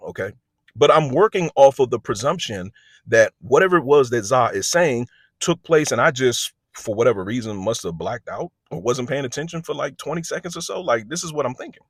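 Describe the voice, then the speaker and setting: A man's voice: mid-range voice, animated, brisk, breathy edge, no room sound. A man telling a story in a casual, conversational way, often checking in with the listener. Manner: conversational, with frequent check-ins and restarts. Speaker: storyteller recounting a work incident.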